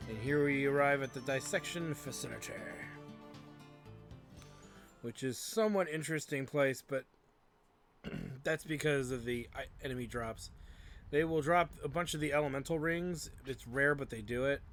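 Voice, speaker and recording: A man's voice: medium pitch, moderate pace, a bit bright, faint music behind. Rambling man narrating gameplay. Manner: rambling and self-talking, with fillers and mild joke curses. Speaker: let's play host. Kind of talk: casual gameplay commentary.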